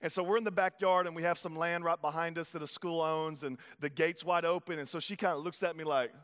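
High-voiced preacher in a hall. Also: male voice, steady tone, fast talker, smooth. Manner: preaching with swings from hushed to loud. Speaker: pastor. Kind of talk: sermon. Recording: hall reverb.

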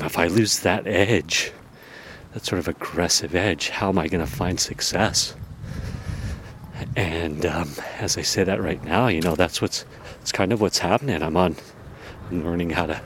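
A man's voice: low-pitched, fairly bright tone, slight background noise. A man hosting a podcast, talking casually and rambling about himself with many fillers and self-deprecating asides, outdoors in a town. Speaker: podcast host. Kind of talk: casual personal monologue.

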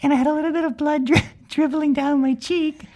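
A woman's voice: high voice, steady tone, brisk, dark tone. A woman voicing a cheerful, mischievous young magical unicorn girl, telling a rambling, childlike comic story with giggles. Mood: chatty. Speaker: podcast character.

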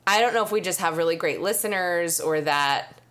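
A woman's voice: on the low side, brisk, fairly bright tone. A young adult woman co-hosting a podcast, slightly nasal, chatting and laughing often. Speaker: podcast co-host. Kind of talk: casual chat.

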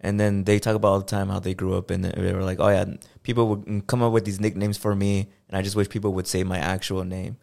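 Gravelly low-voiced man, casual chat. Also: quick pace, few pauses. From United States. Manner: relaxed, loose, heavy use of fillers. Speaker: podcast co-host.

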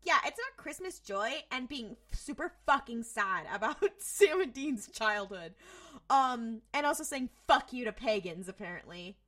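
A woman's voice: fairly high pitch, moderate pace. A woman co-hosting a podcast, recapping a TV episode in casual chat, swearing freely and acting out lines. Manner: animated, swears freely, acts out quoted lines. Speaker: podcast co-host.

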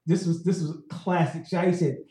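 High-voiced New man in an echoey room. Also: moderate pace. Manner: lively, laughing, repeats words. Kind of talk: casual storytelling chat.

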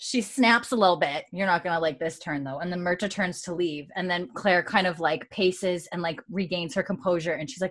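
A woman's voice: on the low side, brisk, hardly any pauses, a bit bright. A woman hosting a casual chat show, retelling scenes and acting out the characters' lines. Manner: storytelling recap, acting out quotes, laughing often. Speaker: podcast host recapping a show.

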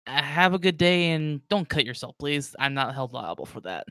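A man's voice: a little high, expressive, normal speed, sharp tone, clean tone, no room sound. A man voicing a condescending weapons shopkeeper in a tabletop game, with dry, dismissive remarks. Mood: snooty. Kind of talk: tabletop role-play.

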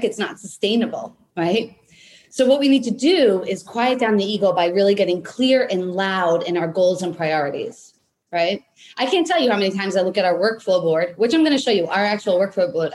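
A woman in her thirties, a business coach, leads a live online workshop in a casual, energetic way, often checking in with "right?". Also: mid-range voice. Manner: energetic, repeats points with "right?"; casual, occasional swearing.

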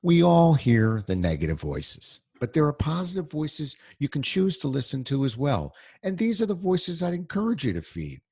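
A man's voice: a little high, huge pitch swings, normal speed, creaky, hardly any pauses, a little mellow, husky, dry recording, studio quality. A man hosting a solo motivational podcast from home, speaking conversationally with plenty of fillers and restarts. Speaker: podcast host.

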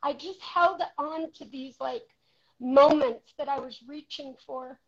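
A woman in her forties shares her own story as a guest, speaking in a heartfelt and candid way. Her voice is high-pitched and rises and falls in loudness. The recording sounds dull and lo-fi. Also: takes it slowly. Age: 40s. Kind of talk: personal testimony in conversation.

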